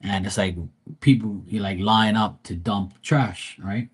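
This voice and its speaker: A man's voice: on the low side, fairly even intonation, unhurried, husky. A man telling a story in a casual, profane rant, acting out quoted lines with animation. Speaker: livestream host. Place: Bermuda.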